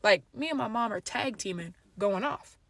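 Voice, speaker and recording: A young woman telling a storytime story to camera in a lively, animated way, acting out family members' lines. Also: medium pitch, moderate pace, no echo. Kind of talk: storytime vlog.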